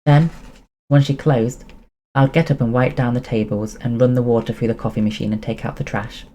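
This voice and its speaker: A man reading a novel aloud as first-person narration, steady with occasional laughs. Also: medium pitch, brisk, slight background noise.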